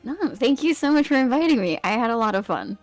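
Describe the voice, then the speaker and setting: A woman's voice: fairly high pitch, lively intonation, fast talker, faint music behind. A woman guest telling a long, rambling story in casual conversation, with frequent restarts and giggles. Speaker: interview guest.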